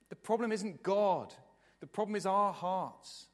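A man preaching a sermon with earnest, repetitive emphasis, moving between raised passages and hushed ones, then leading a prayer. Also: high voice, measured pace. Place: church. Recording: long hall reverb.

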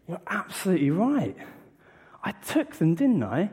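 A man giving a lively children's talk at a church service, acting excited with gasps and questions to the audience. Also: on the high side, moderate pace, long pauses, slightly rough. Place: church hall. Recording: long reverb in a large hall, from a distance.

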